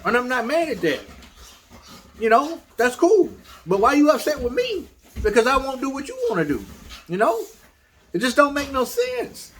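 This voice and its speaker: A man's voice: very high voice, wildly swooping pitch, moderate pace, fairly bright tone, a little hiss or hum. A man who breeds dogs, telling a story in a blunt, casual way and talking straight to his viewers. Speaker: dog breeder.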